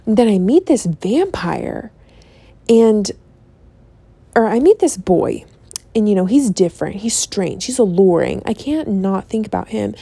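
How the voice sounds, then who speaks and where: A young woman talks in a casual, profane, dramatic way and often drops into sassy mock voices. Her voice is dark and mellow. The recording is dry and close. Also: medium pitch, measured pace, creaky, breathy edge, no room sound. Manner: sassy, animated, swears freely, slips into mock voices.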